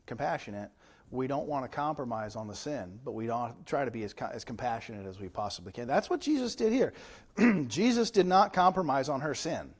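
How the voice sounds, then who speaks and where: A man preaching as pastor in a church, teaching from the Bible in a conversational way and often checking in with rhetorical questions. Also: mid-range voice. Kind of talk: Bible study sermon.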